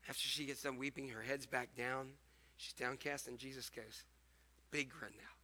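A man's voice: medium pitch, moderate pace. A man preaching a sermon as pastor, joking and acting out scenes. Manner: animated, joking, acts out scenes.

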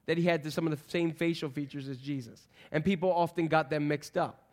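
Pastor guy w a high voice, jokey sermon, keeps asking the crowd stuff. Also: fairly even intonation, brisk. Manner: conversational, joking, quizzes the congregation.

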